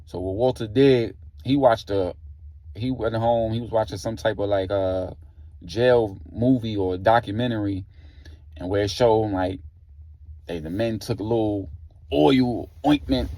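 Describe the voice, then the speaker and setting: A man's voice: mid-range voice, warm tone, no room sound. A man retelling a story in a casual, slangy way, leaning on "like" and "you know" as he goes. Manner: slangy, loose, heavy on filler "like".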